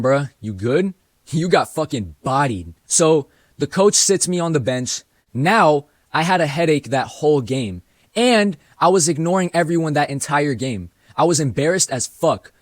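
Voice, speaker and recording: A young man tells a story in a relaxed, self-mocking way and swears freely. His voice sits a little high for a man and bounces around a lot as he talks. The sound is dry and close. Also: dry recording. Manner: laid-back, self-mocking, profane. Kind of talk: casual storytime narration.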